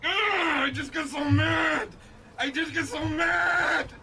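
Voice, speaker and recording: A man putting on a shrill, whiny voice of a furious man throwing a tantrum. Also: steady tone, takes it slowly, raised voice, heavy background noise, heavily acted. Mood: shrieking rage. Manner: shrieking, whiny.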